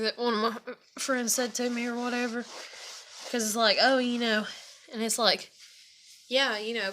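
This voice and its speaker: A woman's voice: on the high side, fairly bright tone. A young woman venting about her marriage and struggles in an emotional personal rant, swearing and close to tears. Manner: venting, swearing, shaky and tearful at times. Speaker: vlogger.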